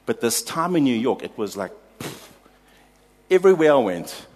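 A South African man delivers a sermon, drawing his listeners in with animated personal stories. His voice has a husky, slightly breathy grain. He laughs easily at his own anecdotes before moving into the teaching. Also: medium pitch, moderate pace. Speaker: pastor.

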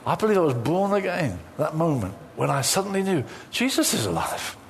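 A man's voice: a little high, sing-song, fairly quick, creaky, slight background noise. A man preaching a sermon, telling a personal story full of quoted dialogue. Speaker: pastor.

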